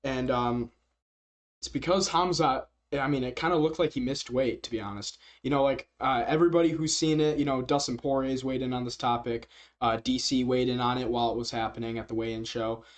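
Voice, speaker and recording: A man's voice: medium pitch, fairly even intonation, brisk. A man casually commenting as a reaction video host, rambling with many fillers and frequent chuckles. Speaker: MMA reaction youtuber.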